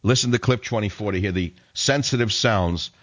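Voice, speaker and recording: Man, talk radio host, very low voice, sarcastic, indignant, ranting, slightly muffled sound. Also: moderate pace, a bit bright. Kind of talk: combative talk radio monologue.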